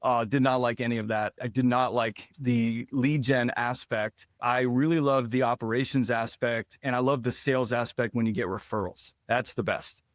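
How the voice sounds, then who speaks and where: A man's voice: medium pitch, fairly even intonation, no room sound, studio quality. A man, a podcast guest, earnestly telling how he built his businesses in a motivational, conversational way. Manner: earnest, motivational, fast-flowing. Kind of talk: conversational interview storytelling.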